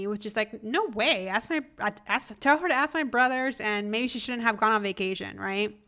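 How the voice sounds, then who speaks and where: Smooth-voiced woman telling a story. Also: a little high, moderate pace, hardly any pauses. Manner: animated, acts out family members' lines. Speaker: podcast host. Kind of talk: casual storytelling monologue.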